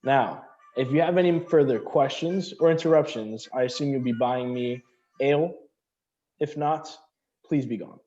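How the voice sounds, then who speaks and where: A man voicing an aloof, self-reliant woman apothecary who talks in a curt, unhurried way. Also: mid-range voice, dark tone, muffled recording, lightly acted. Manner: curt, unhurried, slightly haughty.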